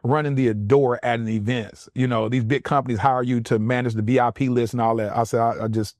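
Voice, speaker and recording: A man's voice: medium pitch, fast talker, dry recording, clean studio sound. A middle-aged man, a podcast guest telling a story in casual talk and acting out the voices he quotes. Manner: animated, acts out quoted voices.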